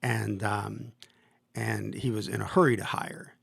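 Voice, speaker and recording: A man's voice: fairly low pitch, fairly even intonation, a little slow, vocal fry, a bit bright, breathy edge, dry recording, studio quality. A man in his fifties, a football coach hosting a podcast, telling long stories in a rambling way, with many fillers and restarts. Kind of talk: casual storytelling interview.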